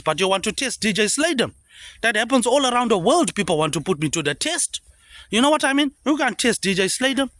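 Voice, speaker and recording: Rambling high-voiced New man. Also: fairly bright tone, dry recording. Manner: repetitive, trailing "mate, eh" tags dropped low. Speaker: vlogger. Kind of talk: rambling monologue.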